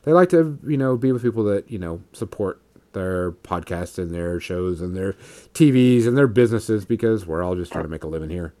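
A man hosting a podcast in a relaxed, joking way, swearing now and then over closing music. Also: low voice, brisk. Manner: loose, joking, swears casually. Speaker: podcast host. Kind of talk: casual chat. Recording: music playing behind.

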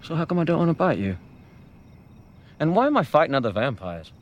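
A man's voice: on the high side, very animated, fairly quick. An actor playing a male vampire who calls himself noble, with a self-mocking, earnest delivery. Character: brooding male vampire hero. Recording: dull lo-fi clip.

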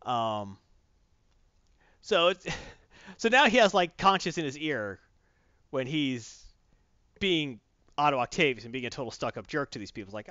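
A man's voice: medium pitch, lively intonation, normal speed, pauses often, sharp tone, no room sound. A man casually reviewing a comic book, retelling it in a rambling, enthusiastic way, in a dull lo-fi recording.

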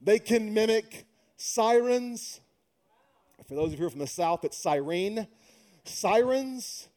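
Pastor guy preaching, joking around then getting fired up, kinda high voice. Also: animated, slow pace, darkish tone. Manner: humorous, conversational, builds to emphatic preaching. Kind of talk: sermon.

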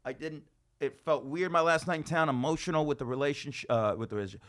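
Male comedian host from Vegas, high bright voice, animated storyteller with a ranting streak. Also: quick pace. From Las Vegas, USA. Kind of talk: casual podcast chat.

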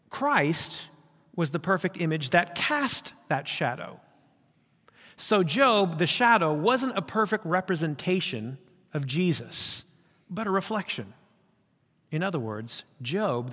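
Male pastor, emphatic conversational sermon, slightly high voice, recorded with long hall reverb. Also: fairly bright tone.

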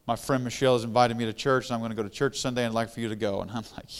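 A middle-aged guest pastor with a smooth, resonant voice at an ordinary pitch for a man. He tells his own story plainly and conversationally, then rises into louder, fervent preaching. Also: fairly even intonation, quick pace. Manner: conversational testimony, grows louder and more fervent when preaching. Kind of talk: storytelling sermon.

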